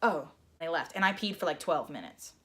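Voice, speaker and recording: A young woman telling a personal story in a vlog, animated and acting out the voices she quotes. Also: low-pitched, fast. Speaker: vlogger.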